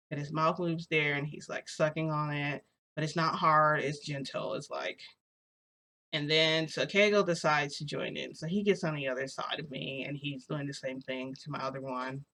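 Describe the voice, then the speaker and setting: A young adult woman vlogs casually as she tells a story in a low, fairly bright voice. She rambles and hesitates, stuffing her speech with "like."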